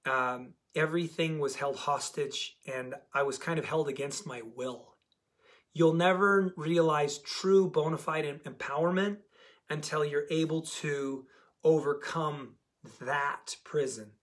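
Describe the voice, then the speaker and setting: A man with a notably high voice speaks straight to his viewers as a diet coach. His talk is animated and emphatic, and he hammers key words by saying them again. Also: measured pace. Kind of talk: casual motivational talk to camera.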